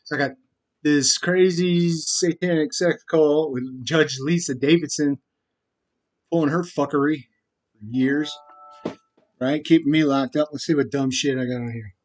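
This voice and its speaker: Man vlogger, rambling profane rant, agitated, slightly higher voice, frequent "right?". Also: steady tone, normal speed. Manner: frequent laughs and repeated "right?". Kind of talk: rambling monologue.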